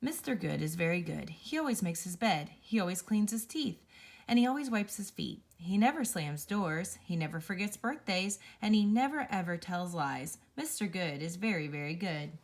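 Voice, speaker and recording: A woman reading a children's picture book aloud, telling it with playful, expressive storytelling. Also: fairly low pitch, moderate pace. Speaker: storybook reader.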